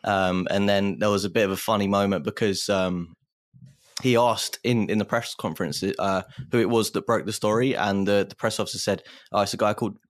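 Low-voiced easygoing man, dry sound. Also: fairly even intonation, fairly quick, no room sound. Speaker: podcast co-host. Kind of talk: casual chat.

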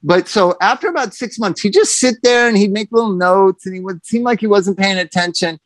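A middle-aged man telling a story in casual chat, animated, laughing often and acting out what others said. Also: sits high, fairly quick, dry recording. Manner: animated, laughing, quoting others in put-on voices.

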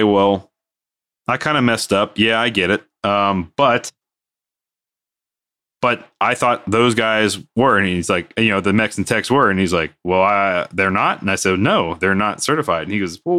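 A man co-hosting a casual podcast, telling a work story and acting out what people said. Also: lowish voice. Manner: animated, acts out quoted dialogue. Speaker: podcast co-host.

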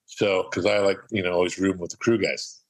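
A man's voice: low voice, fairly even intonation, fairly quick, poor audio. A middle-aged man from Southern California, a podcast guest, telling rambling, profane anecdotes and acting out the quotes. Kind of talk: casual storytelling.

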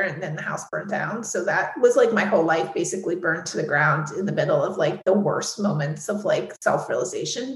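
Woman, interview guest, frank, filler-heavy, swears, roomy echo. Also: medium pitch. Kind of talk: candid personal interview.

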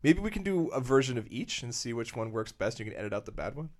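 A man's voice: medium pitch, big pitch swings, quick pace, a little mellow. A man hosting a podcast, chatting casually and rambling with lots of fillers. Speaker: podcast host. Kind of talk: casual chat.

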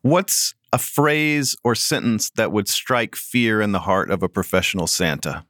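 A man's voice: on the low side, unhurried, a bit bright, no room sound, clean studio sound. A man hosting an interview, asking light, curious questions. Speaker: podcast host.

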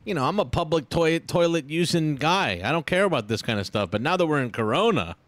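A man's voice: fairly high pitch, lively intonation, brisk, fairly bright tone, no room sound. A man co-hosting a casual podcast, bantering bluntly with self-deprecating jokes. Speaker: podcast co-host.

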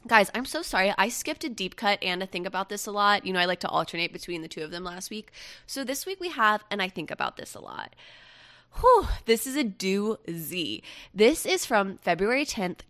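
A young woman hosting a casual pop-culture chat, gushing and chatty with quick asides. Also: mid-range voice, fairly bright tone. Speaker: podcast host.

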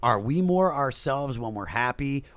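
A man hosts the interview in a laid-back, agreeable way, swearing casually between questions. His middle-pitched voice moves through a lively range. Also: measured pace, no room sound. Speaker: podcast host.

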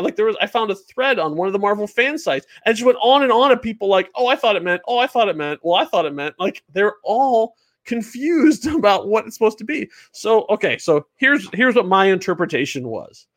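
A man co-hosting a podcast chat, his voice sitting high and swinging widely up and down. He talks animatedly and keeps acting out characters' expressions in little mock voices. The sound is close and dry, with no room around it. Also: no room sound. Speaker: podcast co-host. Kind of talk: casual chat reviewing a film.

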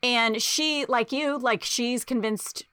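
A woman's voice: on the high side, slow, sharp tone, smooth, no echo, studio quality. A woman hosting a casual conversation, chatty and full of fillers.

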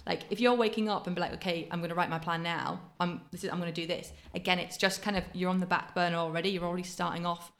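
A woman, a fitness coach giving quick practical advice in casual podcast chat. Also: on the low side, fairly even intonation, a bit bright. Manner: fast, practical advice with many fillers.

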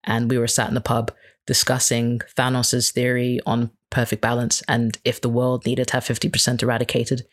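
A woman's voice: extremely low pitch, completely flat delivery, moderate pace. Candid rambling woman, interview guest. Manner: rambling, candid, many restarts. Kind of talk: casual interview chat.

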